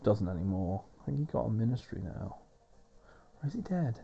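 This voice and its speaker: A man's voice: fairly low pitch, very animated, moderate pace, gravelly, mellow, breathy edge, lo-fi sound. A man giving rambling, wry, off-the-cuff game commentary while he soothes a baby. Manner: rambling, wry and chatty, swearing now and then. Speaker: gaming video host.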